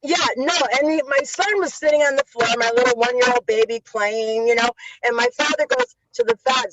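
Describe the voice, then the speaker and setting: A woman guest on an interview, telling stories in a casual, animated way and acting out quotes with lots of swearing. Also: sits high, brisk, hardly any pauses, noisy background. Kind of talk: casual storytelling. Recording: dull lo-fi sound.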